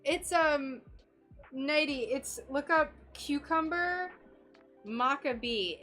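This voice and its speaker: Woman craft streamer with a slightly high voice, slow and giggly, chatting with her viewers. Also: fairly bright tone, soft background music. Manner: chatty and giggly, with frequent laughter. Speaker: craft livestream host. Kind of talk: casual chat while working, reading viewer comments. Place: home workshop in Florida.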